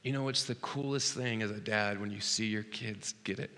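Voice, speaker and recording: A man in his thirties preaching a sermon as pastor, earnest, dropping to a hush and then rising loud and excited. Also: on the low side, moderate pace. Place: church sanctuary. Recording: long hall reverb.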